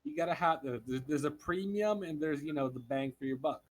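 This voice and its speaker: A man on an online voice chat rambles and swears, tripping over his restarts. His voice sits a bit high. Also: a little fast. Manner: rambling, profane, stammering restarts. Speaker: co-host. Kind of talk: casual stream chat.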